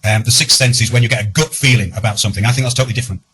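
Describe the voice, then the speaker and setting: A man's voice: medium pitch, racing, fairly bright tone, husky, poor audio. A man hosting a livestream chat who reads viewer comments aloud and gives his own view. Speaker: host.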